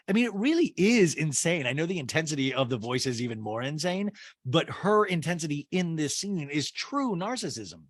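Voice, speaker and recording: A man hosting a podcast, recapping a reality show in casual, profane, exasperated commentary and mimicking the cast in low, mocking voices. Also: very animated, a little fast, a bit bright, dry recording, clean studio sound.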